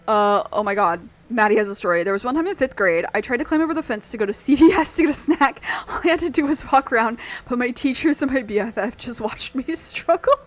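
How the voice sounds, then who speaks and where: A woman streaming a video game, chatting in a rambling, animated way and swearing freely. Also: a little high, quick pace, few pauses. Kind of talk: casual gameplay chat.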